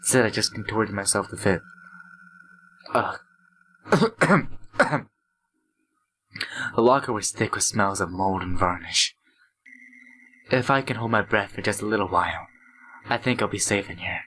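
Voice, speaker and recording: A man's voice: on the low side, expressive, a little slow, pauses often, bright, forceful tone, a little hiss or hum, poor audio. A half-asleep man hosting a let's play, reading the game's text aloud with asides and stumbling, stuttering delivery.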